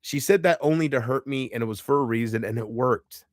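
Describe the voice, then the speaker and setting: A man talking on a livestream in a halting, emotional way, stopping, restarting and trailing off. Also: medium pitch, no room sound, clean studio sound. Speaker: live streamer. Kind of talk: casual livestream chat.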